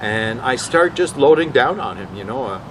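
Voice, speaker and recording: At normal speed and medium pitch, this vlog host spins rambling, animated stories and often mimics others' voices as he quotes them. There's noise in the background.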